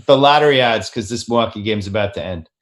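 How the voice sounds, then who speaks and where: A man's voice: on the low side, quick pace. A man hosting a casual sports podcast, teasing his guests and steering the talk. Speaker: podcast host.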